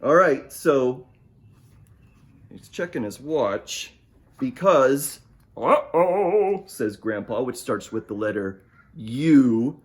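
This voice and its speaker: A man reads a picture book aloud to children, playful and inviting them to join in. He speaks at an unhurried pace with a very animated pitch, moving up and down freely. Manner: playful, talks to young listeners and asks them to join in. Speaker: children's author reading his picture book. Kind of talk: storytime read-aloud for children.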